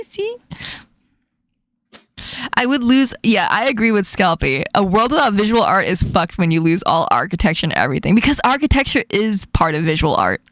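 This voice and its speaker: A woman hosting a casual stream chat, playful and quick to laugh, asking her guest questions. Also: medium pitch, dry recording. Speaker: streamer host.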